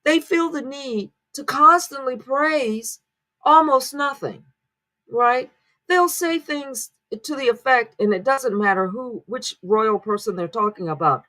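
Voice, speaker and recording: A woman's voice: high-pitched, measured pace, pushed and bright. Woman musing rhetorically to viewers. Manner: rhetorical, keeps checking in with "right?". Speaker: commentary channel host. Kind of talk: casual spoken commentary to camera.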